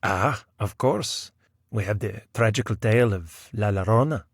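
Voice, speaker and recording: A man playing a self-assured provincial attorney who speaks slowly and formally. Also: on the low side, slightly rough, no echo, studio quality. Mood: measured.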